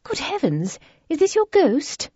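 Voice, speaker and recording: A woman voicing a gracious, calm and curious lady in a storybook reading. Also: high-pitched, a little slow, no echo, lo-fi sound, voice pushed up, exaggerated voice. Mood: composed.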